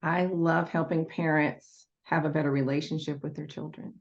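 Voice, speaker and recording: A woman with a low, gravelly voice explains her work as a parenting educator in steady, teaching tones. Her guest answers have a patient, instructive manner. The sound is dull and lo-fi. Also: moderate pace. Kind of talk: interview answers. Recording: dull lo-fi audio.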